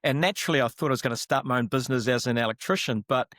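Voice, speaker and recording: A middle-aged man with a New Zealand accent, a relaxed, self-deprecating interview guest who laughs easily. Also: mid-range voice, racing, no echo, studio quality. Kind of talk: casual interview talk.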